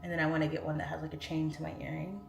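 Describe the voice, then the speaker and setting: A woman's voice: low voice, flat delivery, racing, creaky, dull audio, a little hiss or hum. A woman hosting a casual live stream from home on a phone, rambling chattily and reading viewer comments aloud. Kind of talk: casual livestream chat. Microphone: phone on its side. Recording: echoey room with faint music.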